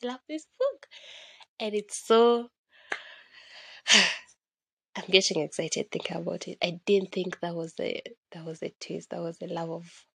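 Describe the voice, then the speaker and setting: A young woman, chatting casually and excitedly about books she loved, slipping Swahili slang into her English and recording on her phone. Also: on the low side, vocal fry, slightly rough, dry recording. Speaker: podcast host.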